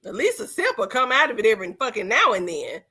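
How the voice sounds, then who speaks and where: Woman podcast co-host, high and very animated, blunt and mocking. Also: quick pace, breathy edge. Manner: brash, profane, mocking. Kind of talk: casual podcast banter.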